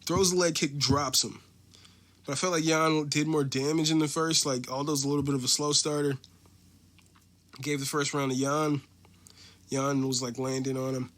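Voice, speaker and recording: A man's voice: a little high, little pitch movement, normal speed, long pauses. Casual, profane man recapping fights. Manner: loose and profane, full of fillers, recapping fights round by round. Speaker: podcast host. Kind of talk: casual solo podcast rant.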